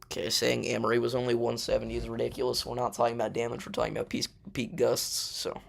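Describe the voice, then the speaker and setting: Gravelly young man chatting on a livestream. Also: medium pitch, monotone, quick pace. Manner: loose and chatty, many fillers, argues weather takes. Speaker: livestream host. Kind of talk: casual livestream chat with viewers.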